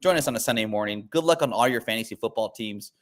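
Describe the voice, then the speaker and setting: Talking fast in a lowish voice, a man running a comic book show chats casually. He rambles, relying on frequent fillers and restarts.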